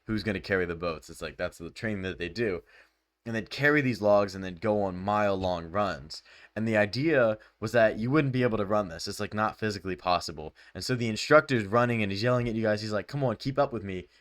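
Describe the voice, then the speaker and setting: A man's voice: lowish voice, dry recording, studio quality. A young man casually summarizing a self-help book, chatty and loose with lots of filler words. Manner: loose and chatty, full of "like" and "bro".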